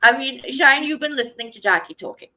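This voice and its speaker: A woman's voice: high voice, expressive, fairly quick, sharp tone, rough recording. A woman hosting a live online book show, talking in an upbeat, earnest, emphatic way over a video call.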